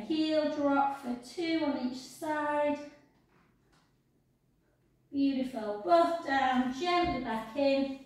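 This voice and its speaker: A woman's voice: high-pitched, recorded from a distance. Breezy woman coaching a workout, echoey room. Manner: encouraging, counting out reps. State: out of breath at times. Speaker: fitness instructor. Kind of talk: workout class instruction.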